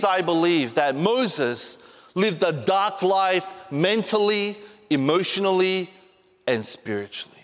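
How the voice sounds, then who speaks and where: A male pastor preaching in a church with a high, light voice. He moves between playful asides to the kids and slow, weighty emphasis, and a long reverb hangs in the hall behind him. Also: fairly bright tone. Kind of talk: sermon. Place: church sanctuary.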